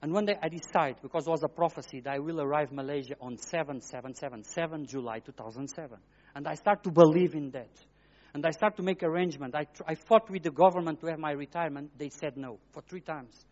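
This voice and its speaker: A middle-aged man giving an emotional testimony sermon as a guest preacher, in simple, broken phrasing, swinging between hushed and loud. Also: on the high side, quick pace. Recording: dull lo-fi recording.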